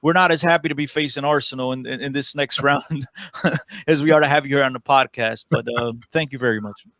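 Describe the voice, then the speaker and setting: Male co-host with a Portuguese accent, mid pitch, relaxed and chatty. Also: a little fast, no echo. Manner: friendly, repetitive, restarts words. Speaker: podcast co-host. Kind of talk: casual podcast chat.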